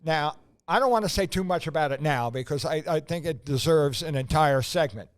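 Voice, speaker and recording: A man from the area co-hosting a podcast, talking in a halting casual way with many fillers and wry asides. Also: fairly high pitch. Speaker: podcast co-host. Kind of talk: casual chat.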